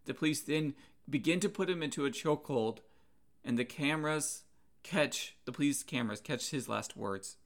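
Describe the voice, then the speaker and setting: A man preaching a sermon in an earnest, measured way, pausing now and then and restarting a word. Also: fairly high pitch, gravelly.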